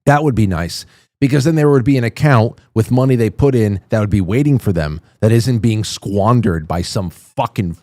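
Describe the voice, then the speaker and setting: A man's voice: fairly low pitch, moderate pace, darkish tone, dry recording, clean studio sound. A man hosting a political commentary show, ranting with indignant, profane outrage. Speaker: show host.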